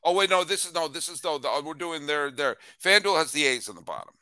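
A man's voice: a little high, animated, quick pace, sharp tone, no echo. A man co-hosting a sports talk show, chatting casually and hamming up a sponsor read. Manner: jokey, hammy ad delivery. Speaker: podcast co-host.

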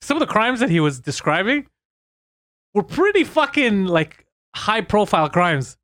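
A man, a comedian, telling stories in casual chat, animated and swearing, acting out what people said. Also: high voice, no room sound, studio quality. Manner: fast, animated storytelling with acted-out quotes and swearing. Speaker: comedian and podcast host.

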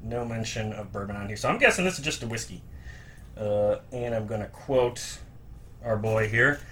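A man's voice: on the low side, normal speed, fairly bright tone, a little hiss or hum. A man hosting a podcast in casual, easygoing chat, laughing often. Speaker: podcast host.

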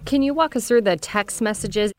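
A woman host giving measured, suspenseful scripted narration of a true-crime story. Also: fairly high pitch, a little hiss or hum. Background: soft music bed.

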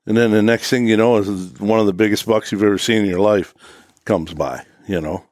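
A man's voice: lowish voice, brisk, a little mellow, dry recording, clean studio sound. A man telling a hunting story in a casual podcast chat, rambling and saying "you know" a lot. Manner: rambling, filler-heavy, says "you know" constantly. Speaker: podcast guest.

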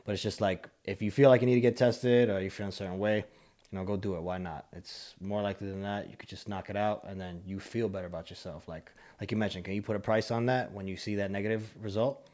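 Man, very deep voice, relaxed, rambling, lots of fillers, casual podcast talk. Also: quick pace. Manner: laid-back, rambling with many fillers. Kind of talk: casual chat.

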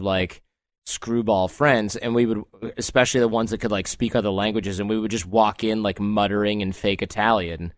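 A man's voice: fairly low pitch, dry recording, clean studio sound. A man hosting a casual podcast conversation, chatty and storytelling, laughing easily. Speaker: host.

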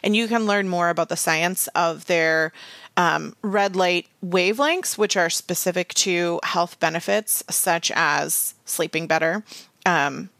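A woman's voice: fairly low pitch, creaky, a bit bright, no room sound. A woman co-hosting a podcast, chatting casually and running through a sponsor read with rambling asides. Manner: quick, rambling, self-aware asides. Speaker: podcast co-host.

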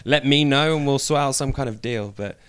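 A young British man, a wrestler, chatting casually in an interview with playful deadpan jokes. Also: mid-range voice, fairly quick, smooth. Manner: joking, playful, deadpan asides. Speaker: wrestler guest.

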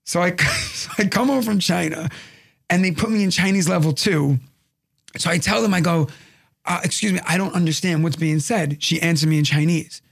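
Rambling New York man, gravelly and high. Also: moderate pace. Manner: rambling, animated storyteller acting out quotes. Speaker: podcast co-host. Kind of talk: casual storytelling chat.

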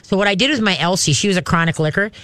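Folksy chatty man, higher voice, dry. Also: racing, sharp tone, no room sound. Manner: folksy, chatty, demonstrates with growls and dog voices. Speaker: radio show host and pet trainer. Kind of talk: call-in radio advice.

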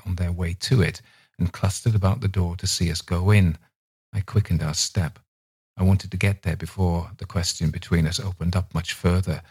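A man narrating a literary audiobook in a measured, expressive reading. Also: low-pitched, husky, no room sound.

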